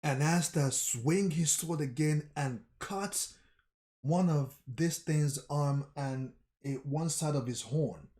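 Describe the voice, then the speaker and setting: A man reading a comic aloud with live commentary. He thinks out loud and often repeats his phrases. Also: a little high, takes it slowly. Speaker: manga reaction streamer.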